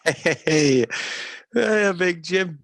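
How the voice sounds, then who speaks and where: A man's voice: a little high, lively intonation, very slow. A man in his thirties from northern England, a guest in a casual interview, answering in a laid-back, wry way. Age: 30s. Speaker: guest, former rugby player.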